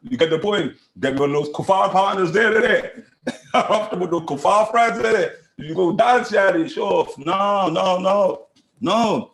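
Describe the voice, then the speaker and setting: High, lively man teaching in an echoey room. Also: brisk. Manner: lively, acts out voices, laughs often. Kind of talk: animated religious lesson.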